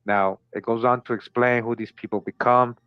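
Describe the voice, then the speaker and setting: A man's voice: mid-range voice, steady tone, normal speed, clear, resonant tone, dry recording. Male host reading and commenting, keeps asking "right?", muffled lo-fi audio, dry. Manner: repeats words, asks listeners "right?". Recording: dull lo-fi recording.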